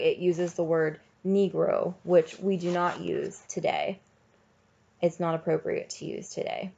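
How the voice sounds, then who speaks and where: A woman's voice: on the low side, creaky, highs cut off. Woman teacher reading a novel aloud. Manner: calm, explanatory asides.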